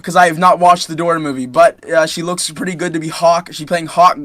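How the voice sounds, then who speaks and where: A young man co-hosting a casual podcast. His voice sits a bit high, and the recording is dry with almost no room sound. He reads out news items in a faintly newscaster way and keeps tripping over names. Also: fairly even intonation, a little fast, a bit bright, no room sound. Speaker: podcast co-host. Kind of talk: casual chat.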